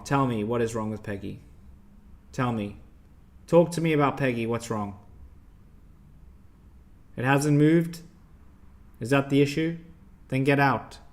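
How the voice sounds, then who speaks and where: A young man hosts a live trading stream in an ordinary mid-range voice. He talks bluntly and emphatically, quizzing his viewers and scolding them when they get it wrong. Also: medium pitch. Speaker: stock trading livestream host.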